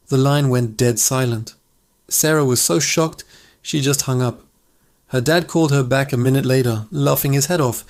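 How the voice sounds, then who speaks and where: Upbeat male storyteller hosting a channel. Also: medium pitch. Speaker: channel host. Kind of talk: scripted storytelling narration.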